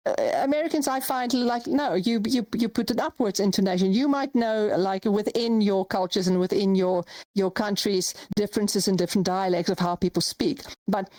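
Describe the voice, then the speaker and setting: A woman's voice: medium pitch, a little mellow, no room sound. Woman voice-over coach, dry close sound. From South Africa. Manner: conversational, explains with frequent "right?" and "okay?" check-ins. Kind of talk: workshop teaching. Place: virtual reality platform session.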